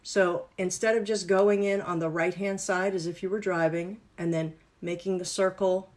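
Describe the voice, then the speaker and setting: A woman's voice: fairly low pitch, fairly even intonation, moderate pace, darkish tone. Upbeat woman coaching a live workshop. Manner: upbeat, playful, instructive. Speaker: wellness and business coach. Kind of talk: live online workshop teaching exercises.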